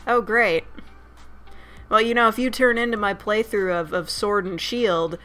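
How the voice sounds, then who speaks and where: A woman's voice: medium pitch, steady tone, unhurried, bright, forceful tone. A woman streaming a dating sim, chatting casually, swearing freely and reading the game text aloud between her asides. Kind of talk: casual gameplay commentary.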